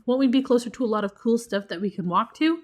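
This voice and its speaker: A woman's voice: fairly high pitch, expressive, quick pace, lightly acted. Sassy teen daughter in a game, dry teasing, read by a woman in her everyday voice.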